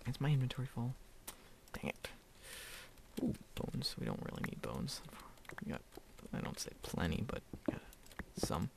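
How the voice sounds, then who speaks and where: A man's voice: medium pitch, huge pitch swings, moderate pace, vocal fry, long pauses, in a whisper. A teenage boy giving casual, rambling gameplay commentary, chatty and often breaking into laughter. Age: teens. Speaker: gamer.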